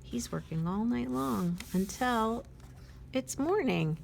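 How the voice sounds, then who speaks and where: A woman at a library storytime, reading a picture book aloud to children, gently asking them questions and dropping to a whisper at quiet moments. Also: on the high side, animated, vocal fry, slight background noise. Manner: slow and gentle, pausing to ask young listeners questions.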